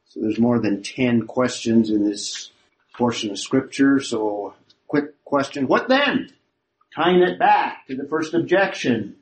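A man with a slightly higher voice leads a Bible study lesson. He explains the passage step by step and keeps posing questions to the class as he goes. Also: a little hiss or hum, low-quality recording.

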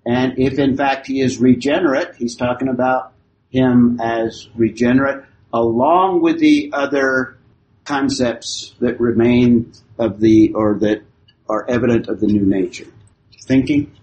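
A man teaching a Bible class in a measured, explanatory way, pausing to restate each point. His voice sits at a middling pitch. A faint hiss runs under the recording. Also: fairly even intonation, a little mellow, lo-fi sound.

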